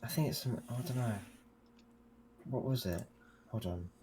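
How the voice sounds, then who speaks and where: A male tabletop player with a mid-range voice. He speaks haltingly and thinks out loud, breaking off and restarting his questions. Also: mid-range voice. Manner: hesitant, searching aloud for words. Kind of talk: casual tabletop play.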